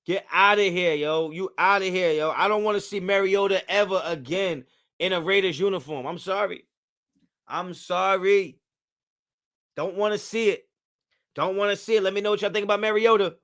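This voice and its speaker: A man with a bright, forceful, slightly high voice runs a casual live stream. He answers the chat in loose slang, brushing people off with a quick "get outta here." His tone stays high and sharp throughout. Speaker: livestream host.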